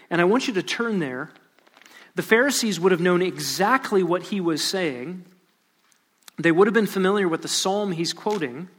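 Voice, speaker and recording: Man preaching, high voice, animated teaching sermon, sarcastic quoted asides. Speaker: pastor.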